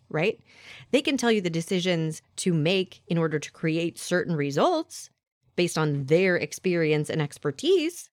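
A woman in her thirties hosting a solo podcast, talking to the listener in an animated, conversational way. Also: on the low side, dry recording, studio quality. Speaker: podcast host.

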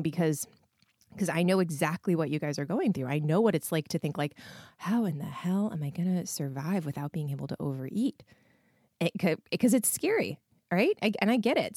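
Woman podcast host and coach, very low and hoarse today, candid and chatty, swears a little, dry close sound. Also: a little mellow, no echo. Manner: candid, swears freely, frequent likes and ums. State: hoarse, froggy. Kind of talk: casual answers to listener questions.

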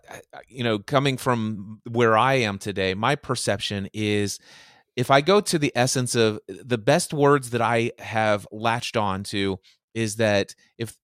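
A man's voice: medium pitch, a little slow, a bit bright, no echo, clean studio sound. A man in a casual podcast conversation, speaking reflectively, often stumbling and repeating words as he works out his thoughts. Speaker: co-host, coach.

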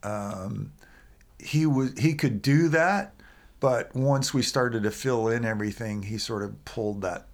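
A man, a musician guest, chatting on a podcast and telling animated stories about recording. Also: medium pitch, a little slow. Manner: animated storyteller, acts out quoted voices. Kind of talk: casual podcast conversation.

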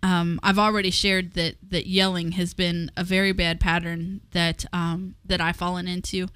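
Frank woman with a bright, dry voice. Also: fairly low pitch, little pitch movement, normal speed, clean tone, dry recording. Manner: plain and frank, with frequent "um" fillers. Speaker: co-host, parent. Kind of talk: casual faith-based parenting talk, reading aloud.

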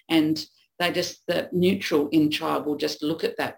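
In a rough recording, a relationship coach with a low-pitched, gravelly voice speaks at a measured pace in a steady tone. She earnestly teaches a topic through conversation, voicing what partners say to each other.

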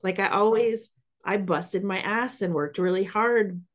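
A woman's voice: mid-range voice, unhurried. A woman in her forties hosting a podcast, chatting in a reflective, confiding way. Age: 40s. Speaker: podcast host. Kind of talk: casual chat.

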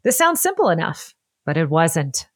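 A woman narrating a scripted history podcast in an expressive, playful way. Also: low voice, normal speed, no room sound. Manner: expressive and playful, laughs often.

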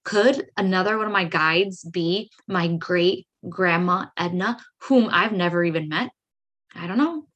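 A woman's voice: lowish voice, a little slow, highs cut off. Chatty woman telling a spiritual story. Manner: chatty, says "like" and "right?" often; animated, acts out her own reactions. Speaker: podcast host. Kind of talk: personal storytelling monologue.

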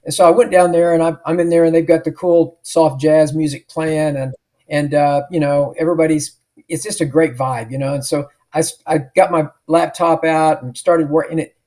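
A man's voice: a little high, steady tone, normal speed, mellow. A middle-aged man, an author and podcast guest, telling a story emphatically and acting out the dialogue he remembers. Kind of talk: storytelling in an interview.

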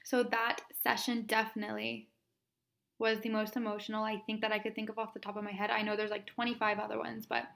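Tearful woman telling a story, slightly high. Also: level tone, fast talker, vocal fry, fairly bright tone. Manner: emotional, earnest, laughs between phrases. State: tearful, sniffling. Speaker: podcast host and Reiki practitioner. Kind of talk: casual solo podcast storytelling.

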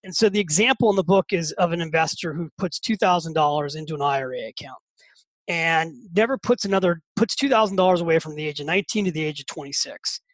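A man in his fifties, a podcast guest and author telling a story in a lively, animated way and often repeating words as he gets excited. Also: fairly high pitch, fast, no room sound, poor audio. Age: 50s. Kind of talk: casual storytelling.

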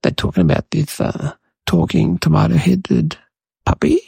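Guy doing a cheeky little kid, rambles on at the guys watching, super raspy fry voice. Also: fairly high pitch, fairly even intonation, normal speed, a little mellow, dry recording, exaggerated voice. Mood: rambling. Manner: rambling, addresses viewers as guys. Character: mischievous chatty young boy. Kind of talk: comedic kid monologue.

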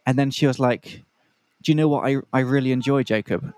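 A man's voice: mid-range voice, brisk, a little mellow, dry recording. Chatty man telling a story. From Australia. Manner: rambling, explains slang terms mid-story. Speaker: podcast co-host. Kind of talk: casual storytelling for English learners.

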